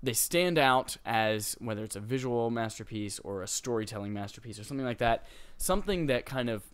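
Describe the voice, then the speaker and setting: A young man co-hosting a gaming podcast, talking casually in an animated, joking and enthusiastic way. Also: fairly low pitch. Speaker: podcast co-host.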